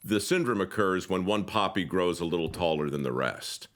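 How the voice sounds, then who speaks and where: A man's voice: deep voice, normal speed, fairly bright tone. A man hosting an interview podcast, talking in a wry, joking way with playful emphasis. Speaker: podcast host. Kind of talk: interview conversation.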